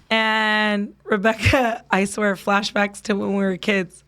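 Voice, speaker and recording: On a relaxed podcast, a female co-host recounts a story in a smooth, medium-pitched voice at a slightly slow pace. She laughs a lot and performs the quoted lines with animation.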